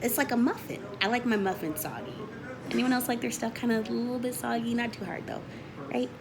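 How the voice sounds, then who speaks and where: A young woman vlogging as she bakes at home in her kitchen, chatty and excitable, and she laughs often. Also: on the high side, a little fast, creaky, a crowd in the background. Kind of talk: casual home baking vlog.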